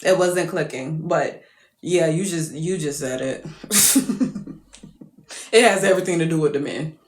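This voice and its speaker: A woman's voice: deep voice, unhurried, reverberant. A young woman, telling a profane, exasperated storytime rant to her followers. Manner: profane, animated, exasperated, laughing. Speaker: TikTok creator.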